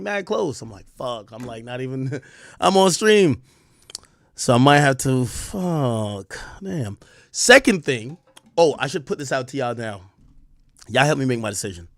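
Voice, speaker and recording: A man livestreaming, telling stories to his viewers in casual chat, animated and swearing often. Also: medium pitch, no room sound, studio quality.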